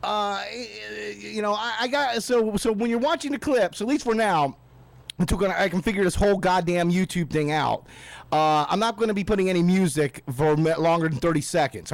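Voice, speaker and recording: A male radio host rants bluntly and swears freely in a fairly high voice. His sound is close and dry, recorded in a radio studio. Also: fairly quick, gravelly, dry recording. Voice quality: blunt, profane, ranting. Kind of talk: ranting radio talk.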